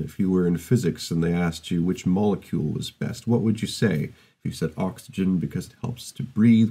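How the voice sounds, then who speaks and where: Deep, mellow-voiced male lecturer. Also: husky. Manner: thoughtful, measured with frequent fillers and restarts. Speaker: university lecturer. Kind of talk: recorded open day presentation.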